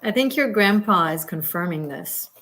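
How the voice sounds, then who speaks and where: A woman giving a live tarot reading, talking in a rambling, halting way with many fillers and restarts, gently reassuring and at times moved close to tears. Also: lowish voice, lively intonation. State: emotional, near tears. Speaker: tarot reader.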